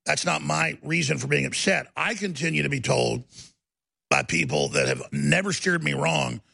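Gravelly, bright-voiced talk radio host. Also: male voice, a little high, moderate pace. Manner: emphatic, rambling, lots of restarts.

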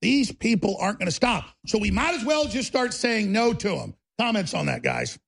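A man hosting a talk radio show, ranting heatedly and swinging between loud outbursts and low asides. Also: very animated, moderate pace, gravelly, slightly rough.

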